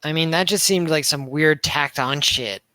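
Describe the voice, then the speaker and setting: A man's voice: fairly high pitch, normal speed, bright, forceful tone, dry recording. A man co-hosting a podcast, chatting casually and rambling with lots of fillers and swearing. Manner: rambling, heavy on filler words, swears a lot. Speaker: podcast co-host reviewing a movie. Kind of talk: casual chat.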